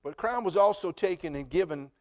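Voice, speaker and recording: This middle-aged man, preaching as a pastor, has a high, somewhat mellow voice with lively intonation and a fairly quick delivery. He shares stories and questions the congregation directly, climbing into forceful repeated lines.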